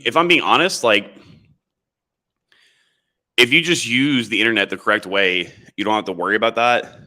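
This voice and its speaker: A man's voice: fairly low pitch, pushed and bright. A man hosting a casual livestream, reading chat comments and rambling sarcastically, calling his viewers boys. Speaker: livestream host. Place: indoors, standing in camera frame.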